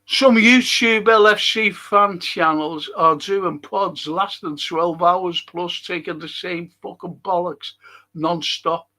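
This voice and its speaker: A man's voice: high voice, pushed and bright, rough recording. A man hosting a casual livestream chat, reading out viewer comments and ranting bluntly with plenty of swearing. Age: older.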